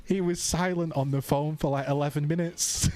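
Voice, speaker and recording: A man's voice: on the high side, normal speed. Swearing British man ranting casually. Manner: animated, swears freely, repeats "I said". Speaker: streamer. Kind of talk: casual chat, ranting anecdote.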